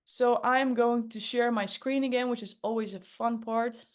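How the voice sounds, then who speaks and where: A woman's voice: on the high side, fairly even intonation, normal speed. A woman hosting an online workshop on public speaking, upbeat and emphatic. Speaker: workshop host.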